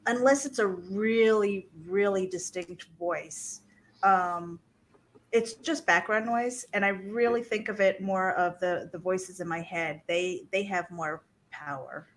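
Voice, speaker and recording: A woman hosts a casual talk on a video call, her voice mid-pitched and ordinary. She hunts for her words with plenty of pauses and laughs easily. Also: slight background noise. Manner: hesitant, many fillers, laughs easily. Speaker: host. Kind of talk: casual panel chat.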